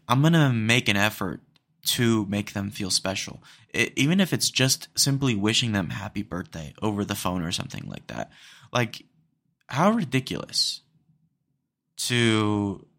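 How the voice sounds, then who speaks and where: A man's voice: mid-range voice, a bit bright. A man hosting a solo podcast, ranting in an exasperated, rambling way with frequent fillers. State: hiccups. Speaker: podcast host.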